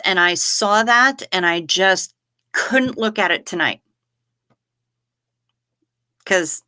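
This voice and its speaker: A woman's voice: lowish voice, sharp tone, smooth. A woman hosting a live stream, chatting casually in a joking, profane way while reading viewer comments. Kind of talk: casual chat.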